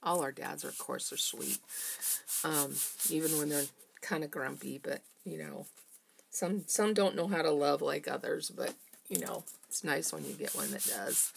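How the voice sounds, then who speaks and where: A woman's voice: sits low, slow, vocal fry, long pauses, bright, forceful tone, slight background noise. A middle-aged woman chatting casually with viewers while she crafts in her home art studio, greeting them by name. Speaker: craft vlogger.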